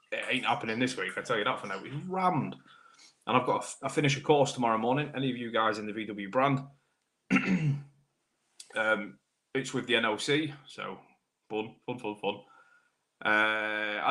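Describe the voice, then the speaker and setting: A British man, a car technician, hosting a live stream, chatting casually with viewers by name while clearing a sore throat. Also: lowish voice, bright, forceful tone. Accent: British English. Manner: chatty, matey banter, greets viewers by name. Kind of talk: casual live-stream chat reading comments.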